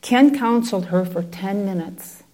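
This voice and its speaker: A woman's voice: mid-range voice, animated, a little slow, a little mellow. A woman telling a story in a conversational way, with digressive asides. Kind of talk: oral storytelling.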